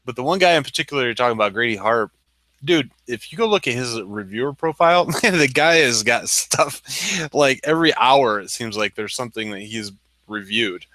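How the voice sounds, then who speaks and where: Bright-voiced man on a dry mic. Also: mid-range voice, fairly quick, no echo. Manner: relaxed, laughs easily, many fillers. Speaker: podcast co-host. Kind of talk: casual business podcast chat.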